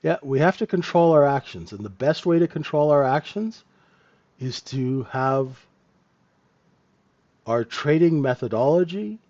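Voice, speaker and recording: Measured in pace and prone to long pauses, this man's voice sits on the high side, a little mellow, with lively intonation, though the audio is dull. Running a live trading room, he chats through the market conversationally, peppering it with tag questions and chuckles while checking on his listeners.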